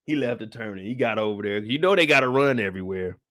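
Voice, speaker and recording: A young man, hosting a casual live show recap and acting out the characters as he talks. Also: on the low side. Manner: animated storytelling, acts out characters in quick voice switches.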